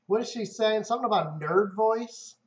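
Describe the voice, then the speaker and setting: A man's voice: high-pitched, normal speed. A man hosting a live stream, chatting casually and easily with viewers, calling them man and dude. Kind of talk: casual chat. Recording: muffled roomy stream audio.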